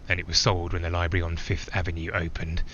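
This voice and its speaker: A man's voice: sits low, flat delivery, fast, pushed and bright, lo-fi sound, slight background noise. An actor playing a man flying alone, who talks in a reflective, digressive way with small hesitations. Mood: musing. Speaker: narrator-pilot. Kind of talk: theatrical monologue.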